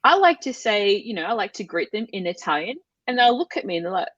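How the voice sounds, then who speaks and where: Animated woman, dry muffled sound. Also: mid-range voice, fast, dry recording. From Australia. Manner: animated, acts out quoted exchanges in a lifted voice. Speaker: guest language teacher. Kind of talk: conversational interview.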